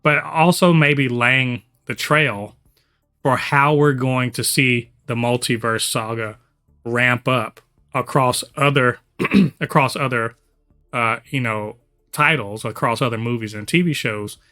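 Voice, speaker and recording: A man's voice: mid-range voice, fairly even intonation, slow pace, pushed and bright, soft background music. A man hosting a casual podcast chat, talking enthusiastically and rambling with lots of fillers. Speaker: podcast host.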